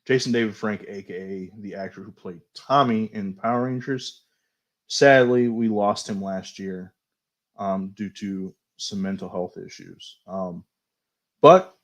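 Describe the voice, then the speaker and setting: A man hosting a toy show, casually going over new action figures, chatty and unhurried, often hedging and fumbling for names. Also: lowish voice. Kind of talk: casual toy news review.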